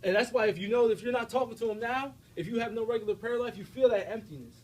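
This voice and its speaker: Energetic high-voiced young man preaching. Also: fast talker, rough recording. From United States. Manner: energetic, direct, preachy, with frequent checks like "all right?". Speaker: speaker giving a faith talk. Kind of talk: live faith talk to a student audience. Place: university room before an audience.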